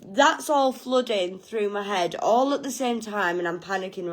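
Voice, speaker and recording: Brief: woman, vlogger, casual storytelling; blunt, sweary, self-mocking, medium pitch. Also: moderate pace, hardly any pauses.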